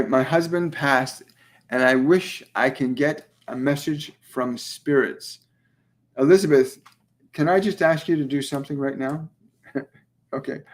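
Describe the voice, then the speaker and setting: A male medium leads a livestream channeling session in a slightly high voice. He talks gently and soothingly, says phrases twice and fills pauses with ums. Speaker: spiritual medium hosting a live Q&A.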